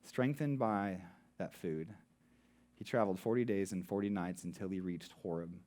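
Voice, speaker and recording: A married man who preaches as a pastor, posing rhetorical questions and slowing down for emphasis. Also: low voice, mellow. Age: adult, married. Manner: rhetorical questions, dramatic slowing on key words. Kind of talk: sermon.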